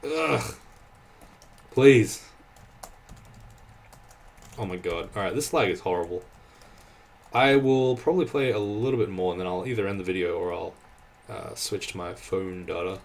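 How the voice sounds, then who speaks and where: A man's voice: deep voice, brisk, a little hiss or hum. A man giving casual, exasperated gameplay commentary, swearing often and restarting his sentences. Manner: exasperated, sweary ranting with frequent laughs and restarts. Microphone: desk microphone.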